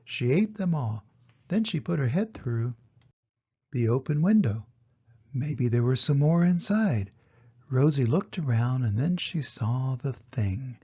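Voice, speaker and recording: An older man reading a children's story aloud, gentle and expressive. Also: medium pitch, measured pace, breathy edge. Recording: dull lo-fi recording.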